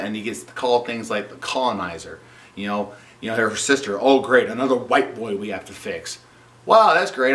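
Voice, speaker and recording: A man's voice: mid-range voice, a bit bright. Guy ranting a movie review, sarcastic, keeps saying you know, mic a bit far off. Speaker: film reviewer. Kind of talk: opinionated spoken movie review.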